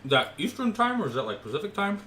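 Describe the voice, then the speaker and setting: A young man livestreaming a racing game from his room, chatting and joking with his viewers in quick asides. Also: high voice, very animated, pushed and bright, a little hiss or hum. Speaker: gaming streamer. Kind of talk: live stream chat and play-by-play. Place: home room. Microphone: desk mic with webcam.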